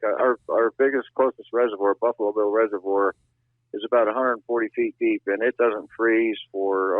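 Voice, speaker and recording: A man's voice: on the low side, no room sound. An older man telling outdoor stories in a folksy, plainspoken way as a podcast guest, heard through a tinny call line. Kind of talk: casual storytelling interview. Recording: tinny phone-like line, dry.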